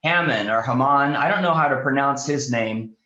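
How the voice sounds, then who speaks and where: A male pastor teaching a group in a relaxed classroom manner. His voice sits at an ordinary middle pitch, broken up by frequent "uh"s and restarts. The room gives it a noticeable echo. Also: muffled recording. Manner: halting, many "uh" fillers and restarts. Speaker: pastor leading a Bible study.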